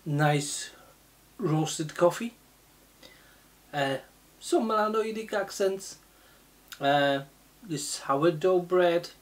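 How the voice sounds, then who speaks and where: A low-pitched woman talks through a beer tasting at a very slow, unhurried pace. She pauses often and fills the gaps with little hesitations as she describes what she notices. It sounds like a relaxed, casual review. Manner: slow, halting, many fillers.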